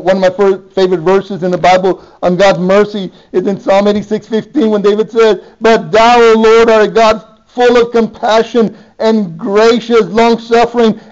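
A man's voice: high voice, dull audio. A man preaching an evening sermon, pleading and fervent, his voice rising to impassioned cries.

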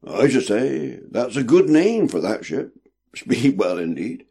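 A man performs a full character voice as a doubtful, stubborn old sailor, raising it above his own usual tone into a rustic, emphatic dockside manner. The voice is medium-pitched, creaky, husky and warm, very animated at a measured pace. The mood is doubtful and grumbling.

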